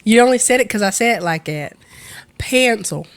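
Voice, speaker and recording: A woman's voice: mid-range voice, expressive, fast. A woman with a Southern accent, co-hosting a casual chat and reading viewer questions aloud with frequent giggles. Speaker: co-host.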